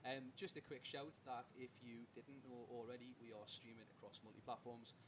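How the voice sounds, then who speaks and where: Man, stream host, brisk matey banter, loud background rumble. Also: fairly even intonation. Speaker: podcast host. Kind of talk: casual live-stream chat.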